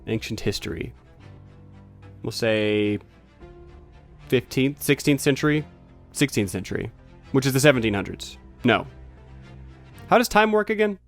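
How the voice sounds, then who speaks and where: A man's voice: mid-range voice, creaky. A man narrating as game master for a tabletop game, rambling and correcting himself with lots of fillers.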